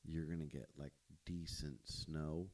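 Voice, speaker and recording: A man's voice: rumbling low, steady tone, unhurried. A man chatting on a podcast, chiming in with quips and wisecracks. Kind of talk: casual chat. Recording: voice from far off the mic.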